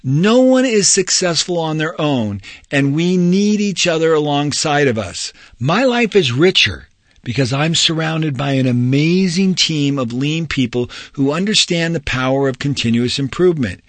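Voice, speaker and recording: Brief: male author reading his self-help book, upbeat and emphatic, somewhat high voice, dead-dry studio read. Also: expressive, normal speed, no room sound. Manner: earnest, emphatic, motivational. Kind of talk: audiobook narration.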